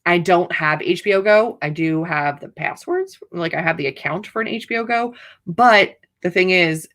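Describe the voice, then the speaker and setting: A woman's voice: fairly low pitch, normal speed, a bit bright. A woman author hosting a livestream, chatting casually in a rambling, playfully dramatic way. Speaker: author hosting writing sprints.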